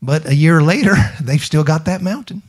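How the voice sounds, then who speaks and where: A man's voice: fairly high pitch, normal speed, slightly rough. A middle-aged man preaching a sermon. He fires rhetorical questions, repeats phrases and calls on the congregation to answer. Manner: emphatic preaching with call-and-response to the congregation.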